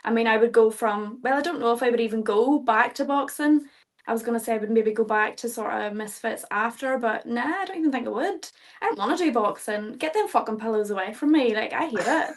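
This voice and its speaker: A woman's voice: a little high, fairly quick. A young Irish woman, a fighter guest in an interview, talking casually, swearing freely and laughing often. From Ireland.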